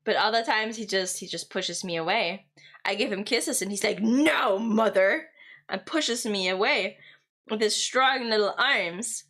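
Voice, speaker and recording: A woman's voice: medium pitch, normal speed, sharp tone. A young woman, chatting casually and playfully with her stream viewers and giggling often. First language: German.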